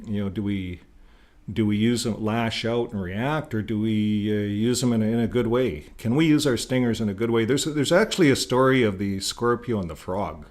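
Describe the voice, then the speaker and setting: A man's voice: lowish voice, normal speed. An older man from Canada hosting his own channel, talking casually to camera in a rambling way, repeating words and chuckling. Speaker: YouTube channel host.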